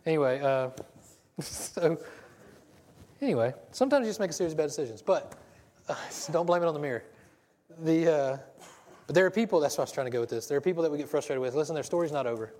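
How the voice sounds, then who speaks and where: A man gives a casual sermon, talking quickly and wandering off into stories. He often trips over and restarts his phrases. His voice carries a long reverb from a large hall. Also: fairly high pitch, lively intonation, a little mellow. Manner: rambling, self-interrupting storyteller. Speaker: preacher.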